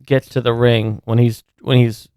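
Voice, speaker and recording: A man from Pennsylvania co-hosting a wrestling podcast, excitable and chatty. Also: medium pitch, normal speed, smooth, no room sound, clean studio sound. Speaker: podcast co-host. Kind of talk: casual chat.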